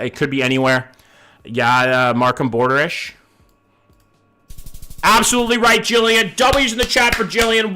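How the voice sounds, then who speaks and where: A man's voice: mid-range voice, a bit bright. A man streaming a game live, thinking aloud in a casual way, swearing now and then and greeting his chat by name.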